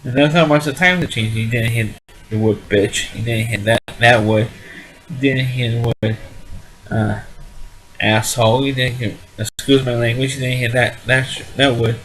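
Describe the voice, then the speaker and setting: A man's voice: mid-range voice, fairly even intonation, moderate pace, a bit bright, slight background noise, poor audio. A man giving a casual spoken review of an old sitcom, blunt and dismissive, rambling and often restarting his sentences.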